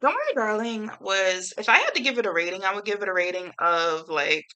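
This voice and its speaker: Young woman, YouTuber, casual chat, bright forceful voice, animated, slangy, swears freely. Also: mid-range voice, brisk, clear, resonant tone, poor audio. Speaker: YouTuber reviewing a film. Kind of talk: casual chatty movie review.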